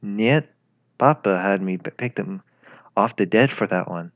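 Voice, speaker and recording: A man's voice: fairly low pitch, a little slow, no room sound, close to an everyday voice. A man voicing a young female Soviet tank girl with a Russian accent, teasing, creepy and doting. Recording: lo-fi with faint music.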